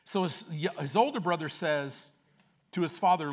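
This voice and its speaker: Pastor guy preaching, high voice, lots of ups and downs, takes his time. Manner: lively preaching, slow emphatic phrasing, reads scripture aloud. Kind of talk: sermon.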